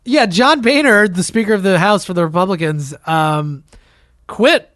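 Guy on a podcast mic, kinda high voice, blunt and sweary, laughs a lot, dead dry room. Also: moderate pace, a bit bright, no echo. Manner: loose, opinionated, swearing, laughing often. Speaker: podcast co-host. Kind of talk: casual political chat.

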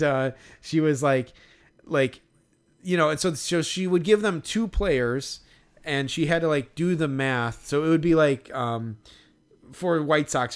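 A podcast co-host tells a story in casual chat, laughing as he talks and imitating other people. His voice is fairly high, clear, and resonant.

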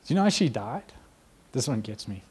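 He preaches fairly quickly with a husky, mid-pitched voice, animating the narrative, dramatizing the quotes, and laughing here and there.

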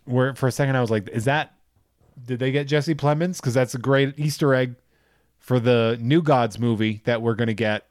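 A man's voice: medium pitch, no room sound, studio quality. Profane man recapping a movie. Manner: profane, animated retelling with quick impressions. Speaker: podcast co-host. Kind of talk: casual chat recapping a movie.

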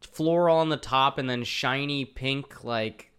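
A man's voice: medium pitch, unhurried, fairly bright tone, clear, resonant tone. A young man co-hosting a podcast, casually recapping a TV episode and laughing often. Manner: laughs often, loose and chatty. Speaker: podcast co-host.

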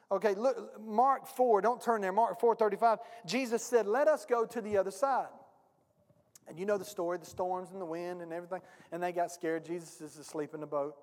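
A male pastor preaching a sermon, emphatic and speaking directly to his congregation. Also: high voice. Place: church sanctuary. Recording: long reverb of a church hall.

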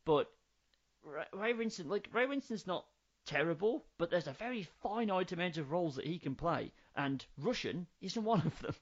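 A man's voice: high-pitched, expressive, moderate pace, lo-fi sound. A man co-hosting a casual film-review podcast, ranting in an exasperated, sweary way. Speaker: podcast co-host.

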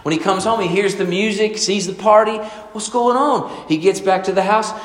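A man preaching a sermon, telling a story and acting out the voices in it, swinging from loud to soft. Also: high-pitched, steady tone, brisk. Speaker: pastor. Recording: echoey hall.

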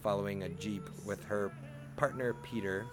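A man hosting a podcast interview, calm and affirming, often ending points with "right?". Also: lowish voice, normal speed, music in the background. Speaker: podcast host. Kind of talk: reflective interview talk.

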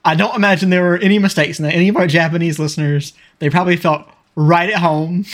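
A man's voice: a little high, steady tone, fast. A man co-hosting a casual podcast, teasing his friends with dry sarcasm. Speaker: podcast co-host.

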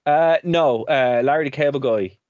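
A man's voice: mid-range voice, moderate pace, darkish tone, no room sound. A man co-hosting a chatty radio show, rambling through his points and laughing easily. His voice comes across slightly dull and lo-fi, recorded close and dry. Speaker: podcast and radio co-host. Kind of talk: casual chat.

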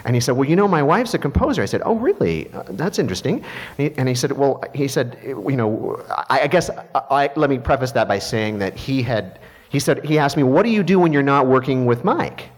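A man's voice: medium pitch, lively intonation, fairly quick, in a large hall. A middle-aged male composer telling a story at a panel talk, acting out the voices he quotes.

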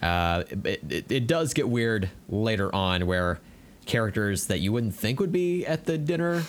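A man co-hosting a podcast, recapping film scenes in a relaxed, casual way with lots of ums and uhs. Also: fairly low pitch, a little slow. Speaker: podcast co-host. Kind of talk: casual movie recap chat.

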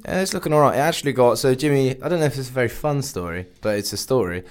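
A man's voice: medium pitch, animated, rapid-fire. A man hosting a radio show, chatting casually and rambling with lots of fillers.

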